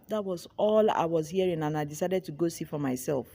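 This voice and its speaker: A woman's voice: sits low, a little fast, vocal fry, few pauses, warm tone, dry recording. A young Nigerian woman, a fashion designer and vlogger, animatedly retelling a dramatic story with lots of repetition. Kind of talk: storytelling vlog.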